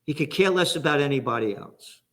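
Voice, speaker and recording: Fired-up New York-accented guest, slightly high-pitched, ranting. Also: male voice, expressive, brisk, a bit bright. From the Bronx, New York. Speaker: guest commentator. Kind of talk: heated political commentary.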